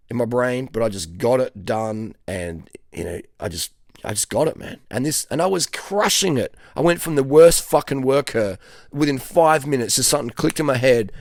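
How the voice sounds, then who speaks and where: Australian male cycling vlogger in his forties, gravelly, foul-mouthed and animated storyteller. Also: medium pitch, no room sound, clean studio sound. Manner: profane, animated, slangy, frequent "mate" and "man". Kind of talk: casual storytelling monologue.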